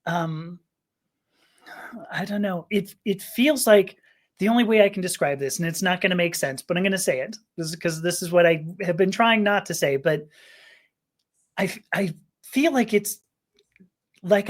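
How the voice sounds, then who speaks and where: A woman's voice: lowish voice, moderate pace, long pauses. A woman guest on a podcast, telling a personal story candidly, often stammering, laughing and restarting her sentences.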